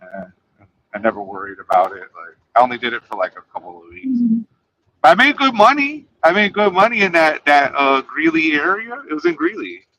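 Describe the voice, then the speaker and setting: A man chatting casually, rambling through a story, his voice fading quietly at the ends of his sentences. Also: on the high side, wildly swooping pitch, brisk, slight background noise, rough recording. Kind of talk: casual chat.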